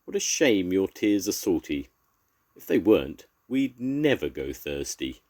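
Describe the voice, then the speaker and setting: An older man voicing a kindly, wise old male badger in a storybook, gentle and fatherly. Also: sits low, very animated, measured pace, pitched above the performer's own voice.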